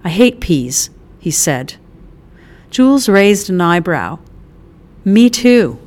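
Woman reading an audiobook, unhurried, lowish voice, little stumbles and redos. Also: sing-song, a little mellow. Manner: reads with small restarts, lightly voicing characters. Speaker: audiobook narrator. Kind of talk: scripted audiobook narration.

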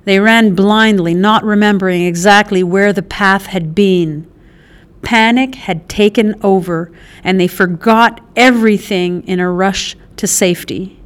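A woman narrating an audiobook in a measured, expressive way. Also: mid-range voice, clear, resonant tone. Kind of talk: scripted narration.

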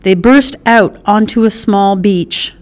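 Woman, audiobook narration, unhurried, clear smooth voice. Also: medium pitch. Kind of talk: scripted narration.

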